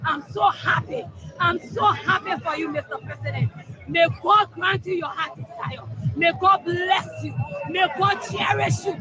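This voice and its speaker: A woman's voice: very high-pitched, unhurried, over music, low-quality recording. A woman interviewed on the street, speaking in a fervent, prayerful way that rises into calling out. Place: outdoors on a busy street. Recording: outdoor crowd and traffic noise.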